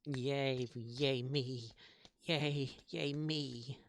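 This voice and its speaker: A man's voice: mid-range voice, fairly even intonation, extremely slow. A man streaming a game, joking and rambling playfully in casual commentary.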